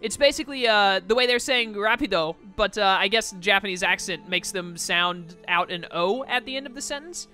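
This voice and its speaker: A woman's voice: mid-range voice, normal speed, few pauses, pushed and bright, faint music behind. A woman giving casual commentary over a video game playthrough, with wry, sarcastic asides. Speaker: let's play gamer.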